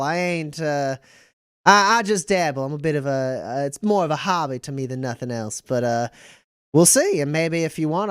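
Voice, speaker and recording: A flirtatious middle-aged woman pub owner teases in a coy, drawling voice, as a man puts her on. Her voice is pitched up high and comes out smooth and clear, recorded close with no room sound. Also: dry recording, lightly acted.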